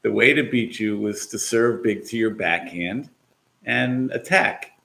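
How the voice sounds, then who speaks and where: Older guy interviewing, gravelly crackly voice, chuckles, short prompts. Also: on the low side, a little slow, bright, forceful tone. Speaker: co-host, interviewer. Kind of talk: casual chat.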